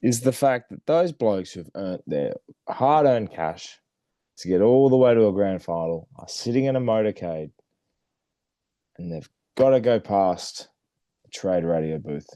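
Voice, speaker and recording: Australian man, low voice, dark tone, joking co-host banter. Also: expressive, unhurried, no room sound. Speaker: podcast co-host. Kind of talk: casual sports chat.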